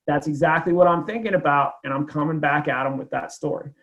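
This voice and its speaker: A man's voice: a little high, fast, hardly any pauses, a bit bright. A man giving a casual sales training talk, telling a client story in a conversational way with lots of fillers.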